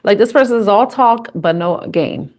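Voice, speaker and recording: A woman's voice: medium pitch, moderate pace, darkish tone. A young adult woman doing a live intuitive tarot reading, chatty and casual, laughing often and swearing freely. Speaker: tarot reader.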